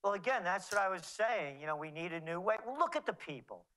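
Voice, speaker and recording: A man's voice: sits high, animated, fast, sharp tone, low-quality recording. A man speaking as a guest on a talk radio show, sarcastic and indignant, mocking the people he names. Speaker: guest commentator.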